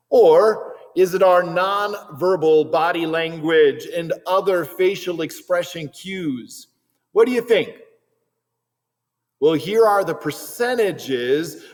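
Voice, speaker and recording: Animated man teaching in a reverberant hall. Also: high voice. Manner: animated, acts out little quoted voices. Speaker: Christian teacher. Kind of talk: video lesson on body language.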